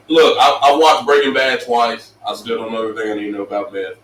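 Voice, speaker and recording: A middle-aged man co-hosting a casual podcast, telling profane, animated stories and slipping into voices for the people he quotes. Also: mid-range voice, fast, slight background noise. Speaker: co-host. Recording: roomy, distant mic with faint ambience.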